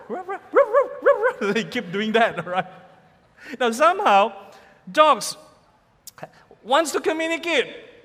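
A male preacher with a high, very lively voice delivers a sermon in an animated, playful manner. His voice carries a long hall reverb. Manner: animated, playful, imitates sounds for the crowd.

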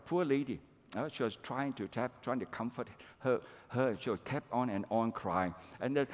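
A middle-aged man preaching a sermon, animated and chatty, peppering his telling with "okay" and "all right" to the congregation. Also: medium pitch. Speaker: pastor. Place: large church hall. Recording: long reverb of a church hall.

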